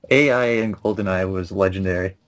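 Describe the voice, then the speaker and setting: Chill guy w a lowish voice, short dry comebacks, chuckles. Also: moderate pace, a little hiss or hum. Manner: laid-back, short dry replies, chuckles. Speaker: co-host of a gaming channel. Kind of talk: casual ranting chat with a friend.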